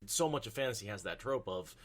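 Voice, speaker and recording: Low-voiced man in rambling book chat. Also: expressive, fast talker. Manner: rambling, stacks up comparisons with many restarts. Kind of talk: casual book discussion chat.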